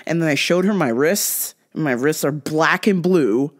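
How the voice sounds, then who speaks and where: A woman's voice: low voice, moderate pace. A woman vlogger telling stories in a casual way, swearing, laughing often and acting out the people in them. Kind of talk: casual storytelling.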